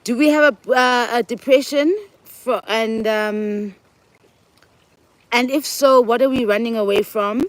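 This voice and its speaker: A South African woman with a voice that sits a touch high, hosting her own show. She talks in a loose, chatty monologue and acts out the people in her stories. Local words slip in between the English. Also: unhurried, no echo, poor audio. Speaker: host. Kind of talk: casual monologue.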